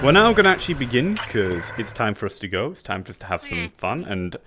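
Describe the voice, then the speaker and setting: A man's voice: on the low side, very animated, fast talker, music in the background. A man running a role-play session as game master, explaining the mission casually, swearing and laughing as he goes.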